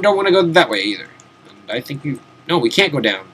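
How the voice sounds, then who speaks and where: In a slightly high, sing-song voice that's fairly bright and breathy, a young VTuber talks fast through casual let's-play commentary. He's tired and yawning, seated at a desk in his room at home, rambling to himself and swearing from time to time.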